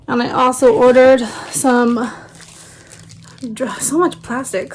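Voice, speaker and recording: A woman's voice: fairly high pitch, slight background noise. A woman in her thirties, a family vlogger, chatting casually and rambling with fillers, tired and her voice fading. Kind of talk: casual vlog chat.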